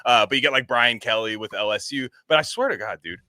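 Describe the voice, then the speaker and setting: Bright lively dude cohosting a podcast, swears a lot, dry mic. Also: male voice, medium pitch, fast, dry recording. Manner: animated, swearing, acts out impressions of coaches. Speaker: podcast co-host. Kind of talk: casual chat.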